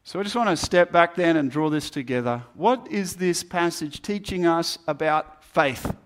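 A man's voice: a little high, moderate pace. Earnest man preaching a sermon. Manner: earnest, builds emphasis with repeated phrases. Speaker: pastor.

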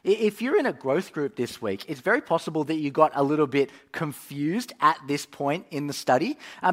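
Preaching a sermon in a fairly high voice, a man tells the story with animation, often using fillers and restarting his sentences.

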